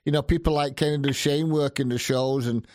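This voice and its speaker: A man hosting a casual interview, enthusiastic and quick to praise his guest. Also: medium pitch, fairly even intonation, darkish tone, no echo, clean studio sound.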